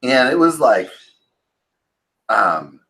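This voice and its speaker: A man's voice: medium pitch, sing-song, very slow, gravelly, bright, forceful tone, rough recording. A man in his forties telling a long story casually as a channel host, swearing freely and rambling with fillers and restarts, now and then acting out quotes in a raised voice. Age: 40s.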